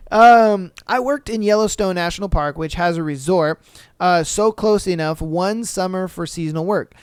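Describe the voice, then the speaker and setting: A man's voice: high-pitched, a little slow, clear, resonant tone, no echo, clean studio sound. A man hosting a podcast, reading listener stories aloud and reacting with laid-back, profane, joking asides. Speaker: podcast host.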